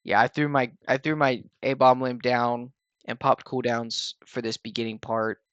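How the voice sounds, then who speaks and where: A man talks viewers through a game fight in an easygoing, rambling voice-over full of "um"s, "like"s and restarts. His voice sits at an ordinary middle pitch and sounds a bit tired. The recording is dry and close, with no room sound. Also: moderate pace, clear, resonant tone, dry recording, highs cut off. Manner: relaxed and rambling, with frequent fillers and restarts. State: tired, yawning. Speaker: gaming channel host explaining a raid. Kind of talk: casual gameplay walkthrough voice-over.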